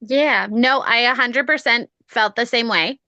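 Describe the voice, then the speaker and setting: A woman guest tells her story on a podcast, chatty and animated. Her voice sits high and sounds bright and sharp. The sound is dry. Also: measured pace, no echo, dull audio. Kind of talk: casual storytelling.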